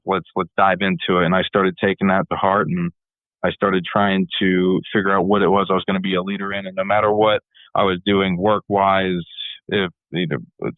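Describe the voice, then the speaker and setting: A man's voice: deep voice, dry recording, narrow, tinny audio. A man in a casual interview telling a long personal story, rambling and often repeating his words. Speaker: band leader and musician.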